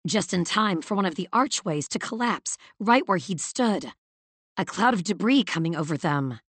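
A woman narrates a novel in a measured, even manner with a lowish voice. Her reading is steady and close to the mic. The sound is dry, with no room echo. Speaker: audiobook narrator. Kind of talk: scripted narration.

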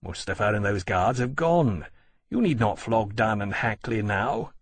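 A man's voice: fairly low pitch, unhurried, breathy edge, no echo. A man reading an audiobook, voicing a large, anxious dragon who pleads earnestly and formally. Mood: pleading. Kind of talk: audiobook character voice.

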